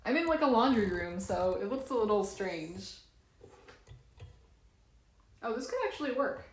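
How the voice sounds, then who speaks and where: A woman's voice: mid-range voice, animated, brisk, roomy sound, a little hiss or hum. A woman chatting casually on a live stream from a laundry room, a bit congested and sniffly, nervous and self-deprecating.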